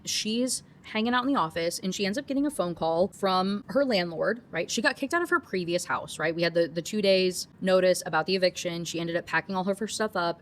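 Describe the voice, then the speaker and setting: A young woman giving a casual, chatty book review rant, full of asides and fillers. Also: fairly low pitch.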